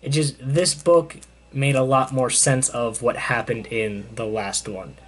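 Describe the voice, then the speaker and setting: A man's voice: mid-range voice, fairly even intonation, a little slow. A young man casually recapping a comic in a loose, rambling way with lots of fillers. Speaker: comic book reviewer. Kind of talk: casual chat.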